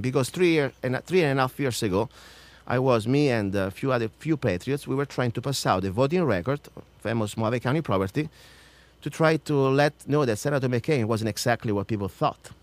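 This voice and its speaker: Emphatic accented man ranting on air. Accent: non-native. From outside the United States. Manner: ranting, emphatic, swings from loud to low. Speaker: radio show host. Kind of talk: passionate political radio talk.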